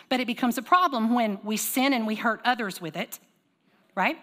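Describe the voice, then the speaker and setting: A woman pastor preaching a sermon, telling stories with lively call-and-response. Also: a little high, normal speed, in a large hall. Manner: animated storytelling with call-and-response. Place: church sanctuary.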